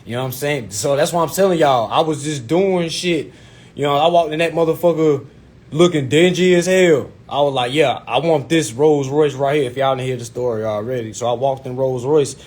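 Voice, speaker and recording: A young man telling a profane, animated story in a casual vlog, full of "you know what I'm saying". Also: medium pitch, a little fast. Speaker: vlogger giving consumer-credit advice.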